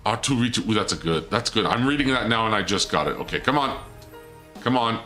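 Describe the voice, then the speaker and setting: A male streamer talks through a game live, playing a theatrical mock villain as he teases another player. His voice sits a little low but sounds sharp and forceful. Faint music plays behind him. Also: animated, fairly quick. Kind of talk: live gameplay commentary.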